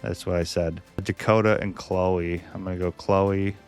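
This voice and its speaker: A man's voice: low-pitched, level tone, normal speed, darkish tone, soft background music. A man hosting a casual video, thinking aloud in a chatty, hesitant way. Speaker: video host. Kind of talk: casual chat.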